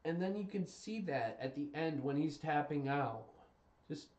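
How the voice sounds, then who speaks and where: A man's voice: fairly high pitch, animated, measured pace, a little mellow, far from the mic. A young adult man streaming, talking casually and emphatically, repeating himself as he vents his exasperation. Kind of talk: casual ranting commentary. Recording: roomy, dull lo-fi stream audio.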